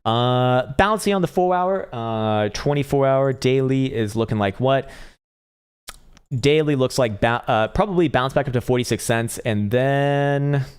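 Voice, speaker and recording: A man's voice: measured pace, clear, resonant tone. A man hosting a live stream, casually talking through charts, thinking aloud and swearing freely. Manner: bursts into excited, high-pitched cheering. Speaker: livestream host answering chat about crypto charts.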